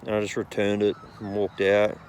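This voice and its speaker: A man's voice: on the low side, completely flat delivery, normal speed, darkish tone, slight background noise. An Australian man telling a crude, rambling anecdote outdoors, swearing freely in a laid-back way. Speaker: storyteller. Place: outdoors in nature.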